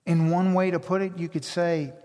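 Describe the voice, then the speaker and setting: A man preaching a sermon as pastor, slow and emphatic, building intensity. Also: high-pitched, level tone, a little mellow. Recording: long hall reverb.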